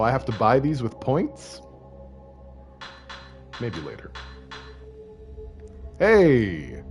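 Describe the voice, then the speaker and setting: A Canadian man near forty chats through a game stream in a lowish voice that swings widely from mumbles to loud outbursts. He jokes at his own expense and talks straight to his viewers, with game music playing clearly behind him. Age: late 30s. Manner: joking, self-deprecating, chatting with viewers. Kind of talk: casual game stream commentary.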